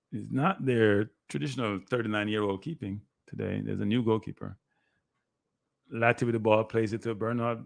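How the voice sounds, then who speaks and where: Excitable man calling a match. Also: mid-range voice, no room sound. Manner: excitable, play-by-play that bursts into shouting. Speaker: guest analyst. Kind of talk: live watchalong match commentary.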